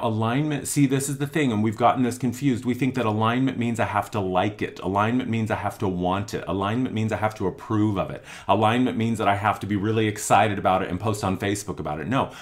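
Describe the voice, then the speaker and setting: A man's voice: fairly low pitch, fairly quick, hardly any pauses. A man giving a spiritual monthly forecast talk, earnest and emphatic, repeating phrases for effect. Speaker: spiritual teacher.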